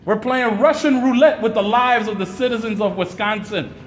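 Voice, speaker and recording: A man's voice: sits high, moderate pace. A man speaking at a press conference, with a fiery, preacher-like delivery that climbs into outrage. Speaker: community activist at press conference. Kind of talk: impassioned press conference statement. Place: indoor hall at a press conference. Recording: echoey hall with faint room noise.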